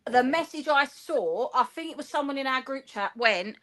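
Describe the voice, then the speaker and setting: Bright-voiced woman telling a story. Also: high-pitched, moderate pace. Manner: animated, rambling, acts out quoted dialogue. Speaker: guest, football fan and teacher. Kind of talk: casual interview storytelling.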